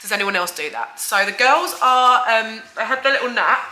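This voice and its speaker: A woman's voice: fairly high pitch, normal speed, sharp tone, poor audio. A woman chatting casually to camera at home as a beauty vlogger, effusive and chatty, sounding a little stuffy. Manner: chatty and effusive, frequent "like" and "guys". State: slightly stuffy, bunged up. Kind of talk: casual vlog chat to camera. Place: at home, indoors.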